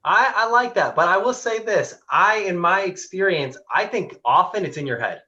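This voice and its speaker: A man's voice: high voice, lively intonation, normal speed, bright, forceful tone, lo-fi sound. A man hosting an online workshop, talking animatedly and acting out the people he quotes. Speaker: workshop host.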